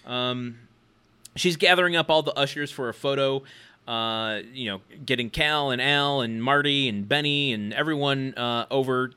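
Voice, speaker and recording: Bright-voiced man recapping a sitcom. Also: medium pitch, normal speed, clear, resonant tone. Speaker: podcast co-host recapping a sitcom. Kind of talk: casual chat.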